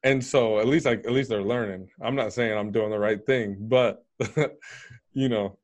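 A man in his thirties hosting a casual chat, blunt and freely swearing, getting animated when retelling stories. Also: fairly low pitch, measured pace. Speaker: podcast host.

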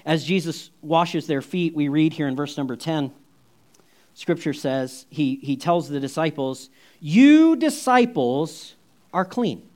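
A man preaching a sermon in a conversational, animated storytelling way, full of asides. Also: a little high, a little slow. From United States. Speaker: pastor.

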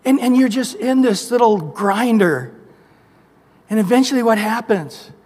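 Male pastor, high pitch, emphatic preaching style, echoey hall with long reverb. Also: expressive, measured pace, a little mellow. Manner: emphatic, repetitive preaching with scripture quotes. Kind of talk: sermon.

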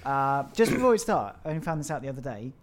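Sweary, teasing co-host. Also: male voice, medium pitch, very animated, fast talker, slight background noise. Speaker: podcast co-host. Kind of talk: casual chat.

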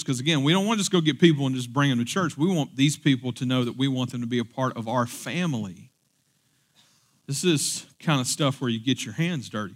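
A male pastor preaching in a church. His voice sits at an ordinary middle pitch. He talks in a casual, chatty way and then climbs to loud, emphatic peaks. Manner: conversational, building to emphatic peaks. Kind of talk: sermon.

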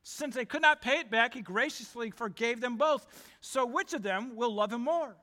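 A man preaching a sermon as pastor, delivering emphatic declarations in quick succession. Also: very high-pitched, pushed and bright. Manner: emphatic, rapid-fire declarations. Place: church sanctuary. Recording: long hall reverb.

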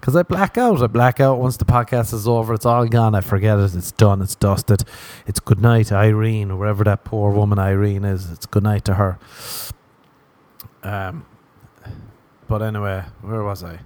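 Low-voiced rambling man podcasting solo. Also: fairly even intonation, moderate pace, a little mellow. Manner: rambling, joking, swears often, laughs at himself. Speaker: podcast host. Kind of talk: casual solo podcast monologue.

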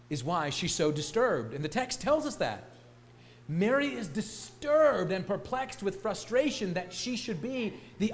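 Animated, higher-voiced male preacher. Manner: animated, emphatic, repeats words for stress. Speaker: pastor. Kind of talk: sermon.

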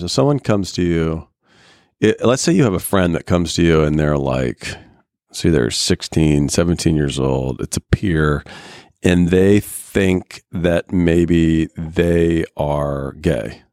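A man's voice: low voice, lively intonation, a little slow, a little mellow, dry recording, studio quality. A middle-aged man leading a youth group discussion, asking probing, jokey follow-up questions.

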